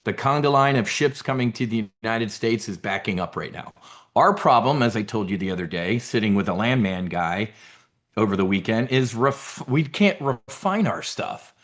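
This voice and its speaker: A man's voice: lowish voice, lively intonation, normal speed, fairly bright tone. A man from New Jersey and South Philadelphia hosting a trading members brief, giving blunt, profane, heated off-the-cuff commentary. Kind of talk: casual unscripted commentary.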